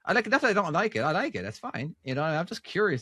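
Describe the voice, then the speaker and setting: Lively rambling male podcast host. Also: fairly high pitch, fast talker, no echo. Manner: rambling, lots of restarts and "you know". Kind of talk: casual chat. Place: America.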